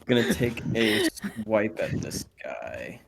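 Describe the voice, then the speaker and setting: A man's voice: on the low side, very animated, takes it slowly, creaky, slightly rough. A man playing a tabletop game over voice chat, answering in short, terse replies. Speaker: player.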